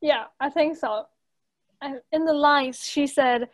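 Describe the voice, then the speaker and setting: High-voiced giggly woman. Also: slow pace, dry recording, poor audio. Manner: giggly, chatty, drifts quiet at times. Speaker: podcast co-host. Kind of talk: casual chat.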